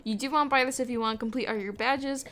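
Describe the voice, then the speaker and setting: A woman's voice: a little high, steady tone, fast, a bit bright. A young woman hosting a let's play, chatting casually with many fillers. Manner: chatty, casual, hesitant with fillers and little laughs. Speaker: gaming channel host.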